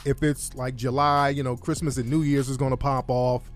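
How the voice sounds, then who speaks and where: A man's voice: mid-range voice, little pitch movement, moderate pace, faint music behind. A man hosting a casual advice chat, brash and joking, often laughing as he talks. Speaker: advice show host.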